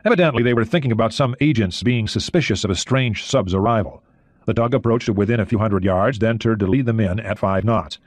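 A man reading a thriller audiobook in steady narration. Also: fairly low pitch, fairly quick, dry recording.

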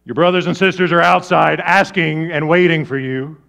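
A man preaching a sermon, swinging from loud, animated storytelling to quiet, low emphasis. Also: moderate pace, gravelly. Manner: lively preaching with big swings in volume. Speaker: pastor.

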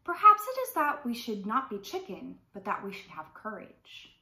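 A woman reading a children's folk tale aloud with lively, expressive narration. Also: medium pitch, normal speed. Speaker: storyteller. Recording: roomy echo.

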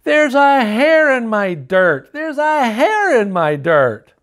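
A man voicing a small, angry boy worm in a storybook, shrieking complaints about his life. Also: slow. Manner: shrill, complaining rant. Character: angry little boy worm, whiny and fed up.

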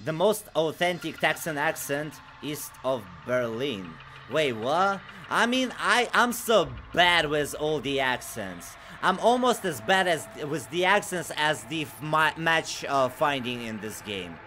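A man streaming a horror game live, chatting casually with viewers and reading their messages aloud, swinging from low mutters to loud, excitable outbursts. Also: measured pace, hardly any pauses, slight background noise.

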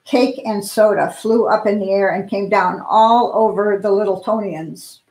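A woman at a church service reading a children's story aloud in an expressive, playful way. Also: medium pitch, unhurried, hardly any pauses. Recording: echoey room.

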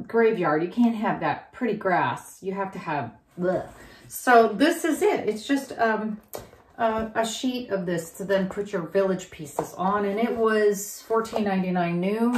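A chatty woman talks her way through an unboxing, rambling and thinking aloud as she goes and laughing now and then. She is recorded in a roomy, echoey space at home, with a faint hiss underneath. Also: mid-range voice. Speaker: reseller unboxing grab bags. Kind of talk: casual unboxing vlog.

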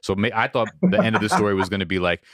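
A man with a fairly low voice co-hosting a podcast. He talks in a teasing, profane, casual way. The sound is dry, with no room echo. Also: racing, a bit bright. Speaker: podcast co-host. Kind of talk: casual chat.

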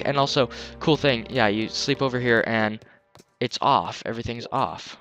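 A man's voice: medium pitch, normal speed, fairly bright tone, faint music behind. A young man giving casual, joking commentary as he plays a video game. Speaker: let's play commentator.

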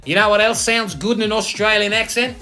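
A man's voice: high-pitched, a little fast, bright, forceful tone. A man mocking video clips in a profane comedic rant, as host of a reaction video. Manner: swearing, mocking, ranting.

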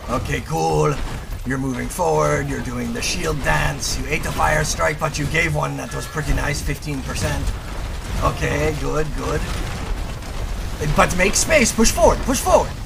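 A man's voice: a little high, gravelly, background noise. A man hosting comedic video game review commentary, brash and profane with a mock-angry edge. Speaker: gameplay reviewer and host.

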